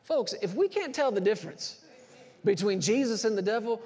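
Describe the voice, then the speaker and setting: High-voiced male pastor, echoing sanctuary. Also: moderate pace. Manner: animated storyteller, acts out phone calls. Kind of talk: sermon. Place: church sanctuary. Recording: long church reverb.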